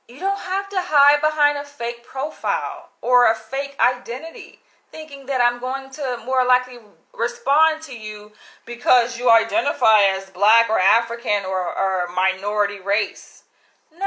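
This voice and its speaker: A woman YouTuber reads emails aloud to her audience in a casual vlog rant, blunt, animated and exasperated, with plenty of swearing. Her voice sits high, and the audio is poor.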